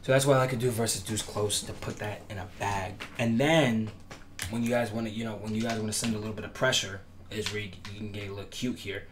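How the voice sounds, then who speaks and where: Against a noisy background, a man with a lowish voice talks at a quick pace with fairly even intonation. He creates gaming tutorials and here covers defensive setups casually, teaching emphatically, repeating himself, making strong promises, and sometimes cracking.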